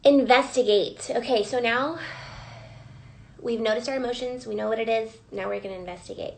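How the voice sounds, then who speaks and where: Woman wellness coach, fairly high voice with gravelly fry, guides a live reflection session. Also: a little fast, slight background noise, low-quality recording. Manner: guiding, prompting listeners with repeated questions.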